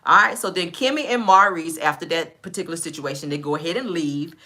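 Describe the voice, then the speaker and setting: Low-voiced chatty woman recapping a show. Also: brisk, bright, forceful tone. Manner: chatty storyteller, acts out quotes, says "all right?" often. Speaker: reality TV recap host. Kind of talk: casual episode recap.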